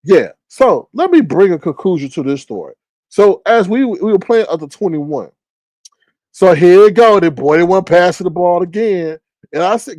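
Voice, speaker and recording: Animated man telling a story on a livestream. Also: moderate pace, no room sound. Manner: animated, jumps to high pitch when quoting people; reads viewer comments aloud. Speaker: livestream host.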